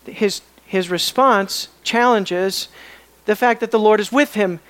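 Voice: medium pitch, fairly bright tone. Bible teacher questioning a class. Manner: questioning, emphatic, pauses to ask the class. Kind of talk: Bible study lecture.

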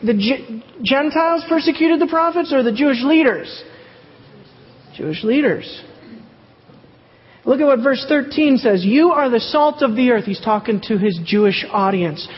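A preacher with a husky, breathy voice teaches through scripture verse by verse, reading each passage and then firing off questions that they answer themselves. The sound is a touch muffled and rings with a long hall reverb. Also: high voice, expressive, normal speed. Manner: reads verses aloud, then poses and answers rhetorical questions. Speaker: Bible teacher. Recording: dull, echoey hall recording.

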